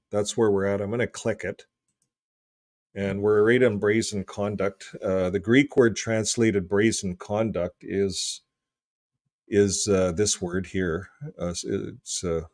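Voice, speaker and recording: A man hosting a casual video, reading from a book and joking, clearing his throat often, with his voice getting hoarse. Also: on the low side, no room sound. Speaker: video host.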